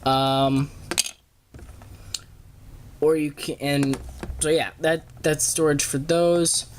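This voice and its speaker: A man walking through a toy transformation in a casual review, talking haltingly with many fillers and self-corrections, recorded on a camera on a small tripod. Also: fairly high pitch, fairly even intonation, slight background noise.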